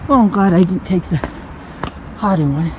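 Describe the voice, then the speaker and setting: A woman's voice: fairly low pitch, moderate pace, background noise. An older woman narrating a casual walking vlog outdoors on a hiking trail, chatty and self-deprecating, a bit out of breath, talking to herself as she goes. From New England, USA. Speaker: vlogger.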